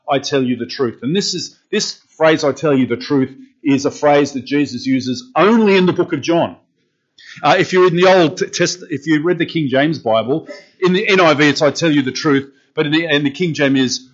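A man preaching a conversational sermon as pastor, questioning the congregation and repeating phrases as he thinks aloud. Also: mid-range voice. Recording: dull lo-fi recording.

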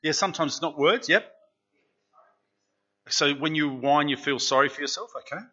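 A man preaches in a church and keeps asking the congregation questions. His voice is bright and lively. The recording sounds dull and lo-fi. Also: a little high, normal speed. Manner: chatty, asks the congregation questions. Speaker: pastor. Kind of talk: interactive sermon.

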